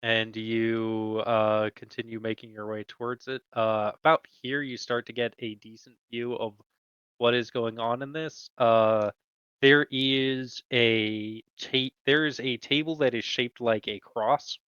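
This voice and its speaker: A man narrating a tabletop game as game master, slow and halting with many fillers. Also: medium pitch, fairly even intonation, fairly bright tone, clear, resonant tone, no room sound, dull audio.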